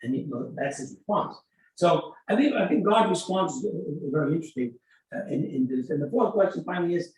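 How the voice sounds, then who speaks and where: An older man, a rabbi teaching an informal Torah class, telling stories and acting out dialogue in an animated way. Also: a little high, a little fast. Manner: animated storytelling, acts out dialogue. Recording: echoey room, mic at a distance.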